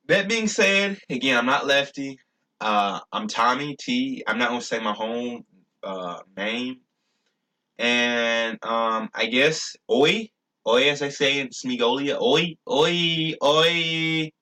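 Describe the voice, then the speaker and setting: Rambling young man with a bright voice. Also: mid-range voice. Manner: rambling and stumbling, with fillers and restarts. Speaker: YouTuber. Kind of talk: casual rambling vlog.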